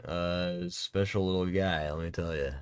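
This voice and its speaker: Deep-voiced, deadpan young man streaming. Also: unhurried, smooth. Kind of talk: casual livestream banter.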